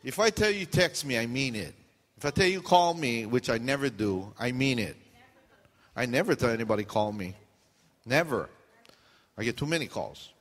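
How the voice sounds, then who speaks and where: A man's voice: mid-range voice, animated, moderate pace, pauses often, a bit bright, big-room sound. A man preaching a sermon as pastor, casual and joking, acting out what his listeners are thinking. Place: church sanctuary.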